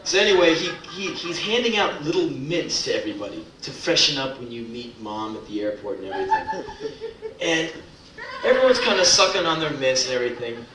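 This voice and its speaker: A young man doing a profane, comic spoken-word performance on a club stage, breaking into shouted mock rants. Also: a little high, animated, fairly quick, background noise. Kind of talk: live spoken word storytelling. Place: club stage before a live audience. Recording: roomy club live recording from a distance.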